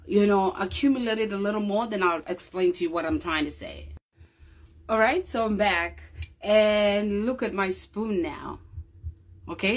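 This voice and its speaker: Lively, unhurried woman demonstrating on camera. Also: a little high. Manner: keeps checking in with the viewer; chatty and unscripted, with fillers. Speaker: presenter demonstrating a craft.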